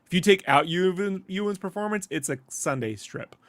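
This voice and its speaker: Man, co-host, casual review chat, laughs a lot, slightly high voice. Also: normal speed, no room sound. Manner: animated, laughs often, rambling asides. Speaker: podcast co-host.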